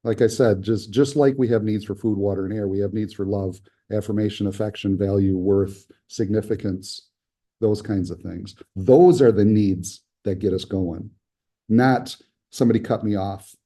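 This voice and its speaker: A man's voice: fairly low pitch, steady tone, moderate pace, dark tone. A man giving a conversational lecture as an instructor, often acting out short quoted complaints and replies. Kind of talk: lecture on conflict resolution.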